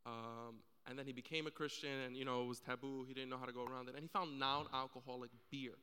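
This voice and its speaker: A man's voice: mid-range voice, fairly even intonation, quick pace, bright, forceful tone, clean tone, big-room sound. A man speaking earnestly on a church panel, telling stories and acting out the people in them. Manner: earnest storytelling, acts out quoted voices.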